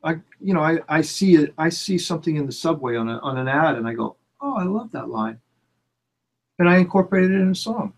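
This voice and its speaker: Talking about songwriting in a casual chat, a middle-aged producer and songwriter keeps starting sentences over and repeating his words. His delivery is halting, though his pitch swings in a lively way.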